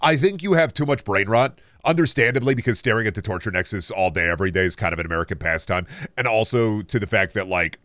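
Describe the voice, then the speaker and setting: A man's voice: fast talker, few pauses, fairly bright tone, no echo, clean studio sound. Rambling profane young male streamer. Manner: rambling and profane, reacting to chat; pitch leaps up and down often. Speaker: game streamer. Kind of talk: casual live-stream chat while gaming.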